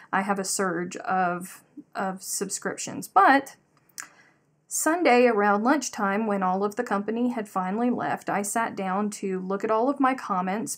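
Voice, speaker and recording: Chatty woman livestreaming a craft session. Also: medium pitch. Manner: animated storyteller, reads out chat comments. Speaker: livestream host. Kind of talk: casual chat while crocheting.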